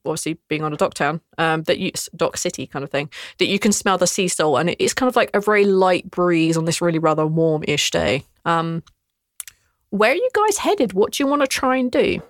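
A woman's voice: lowish voice, expressive, brisk, no echo. A woman runs a tabletop game, describing the scene in an easy, chatty way with plenty of ums. Her voice is close and dry, with no room sound. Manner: descriptive, casual, many fillers. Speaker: game master.

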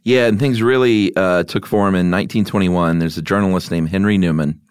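A man with a very deep, smooth, resonant voice, co-hosting a podcast. He talks in an easygoing, self-deprecating way, with plenty of hesitant fillers. The recording is close and dry. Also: steady tone, a little fast, no room sound. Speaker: podcast co-host. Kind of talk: casual podcast chat.

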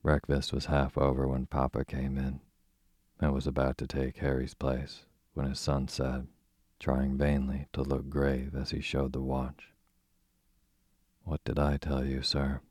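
A man narrating a classic storybook in a steady, measured reading voice with a husky tone. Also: very deep voice, no echo, studio quality. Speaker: audiobook narrator.

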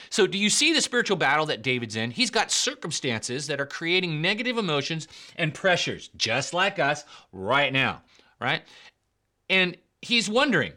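A man's voice: on the high side, very animated, normal speed, pushed and bright. A man preaching a sermon in an emphatic way, repeating key points and calling his listeners guys and bro. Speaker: pastor.

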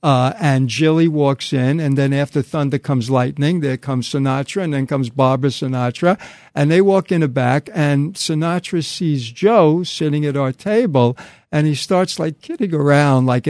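Man telling animated stories, dry sound. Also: a little high, moderate pace, no echo. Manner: animated storyteller, quoting others in dialogue. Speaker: guest storyteller. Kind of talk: casual anecdote telling.

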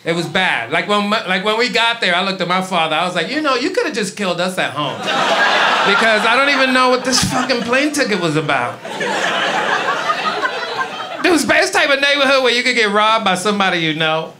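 A man from Brooklyn with a New York accent doing a stand-up comedy set, telling stories animatedly and breaking into loud shouted punchlines. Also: sits high, brisk. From East New York, Brooklyn. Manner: animated storytelling, shifts into loud shouting punchlines and voiced characters. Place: comedy club stage before a laughing audience. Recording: loud audience noise. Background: audience laughter.

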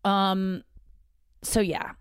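A woman's voice: medium pitch, completely flat delivery, drawn-out words, clean tone, no echo, studio quality. A woman comedian telling a rambling, profane story from her home office, acting out what other people said. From St. Louis area. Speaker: stand-up comedian and podcast host. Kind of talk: casual solo storytelling monologue.

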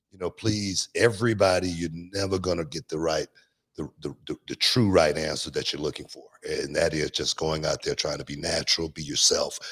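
A man's voice: low voice, slightly rough. A middle-aged man hosting a podcast, telling stories in casual chat, often repeating words and laughing. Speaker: podcast host, former wrestler.

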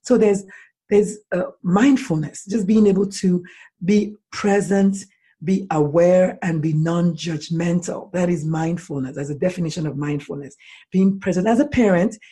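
Author lady chatting in an interview, husky mellow voice, gets animated. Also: on the low side, moderate pace. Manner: animated, acts out dialogue in lively voices. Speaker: author guest. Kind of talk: conversational interview answer.

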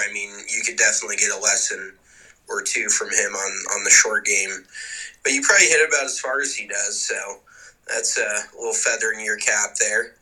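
A man's voice: medium pitch, sharp tone, poor audio. A man co-hosting a podcast, chatting casually and teasing about golfers, with loose, profane banter over a remote call. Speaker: podcast co-host. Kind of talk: casual chat. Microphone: remote call mic.

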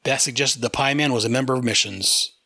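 A man voicing a calm, know-it-all sleuth explaining a mystery step by step. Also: medium pitch, a little fast, no room sound. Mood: explanatory. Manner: matter-of-fact, explaining.

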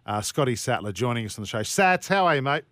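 A man's voice: medium pitch, very animated, fairly bright tone, dry recording, clean studio sound. An Australian man hosting a sports radio show, chatty and teasing, reading plugs and ribbing his co-host. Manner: chatty, teasing, quick asides. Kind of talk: casual radio banter. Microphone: studio microphone.

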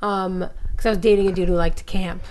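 A woman from New York chatting as a podcast guest, an animated storyteller who jumps into voices. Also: medium pitch, fast talker. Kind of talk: casual podcast chat.

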